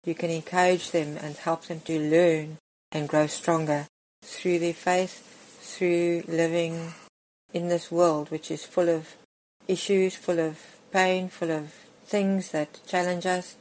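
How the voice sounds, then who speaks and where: A middle-aged woman delivers a sermon in a slightly low voice. She speaks earnestly and gives scripture lines firm emphasis. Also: flat delivery, slow pace, darkish tone. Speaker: preacher.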